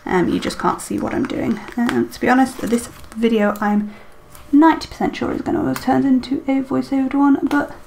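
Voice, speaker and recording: A planner vlogger chats to herself while decorating her planner, filling the casual plan-with-me talk with ums and little questions. Her high voice is steady, creaky, and darkish, a little fast with few pauses, over slight background noise.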